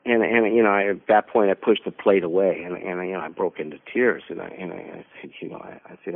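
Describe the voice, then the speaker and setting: A man telling a personal story as a guest on a radio conversation, halting and repeating words as he searches for them. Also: low-pitched, fairly even intonation, vocal fry. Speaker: mission team leader, radio guest. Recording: narrow phone-like radio audio.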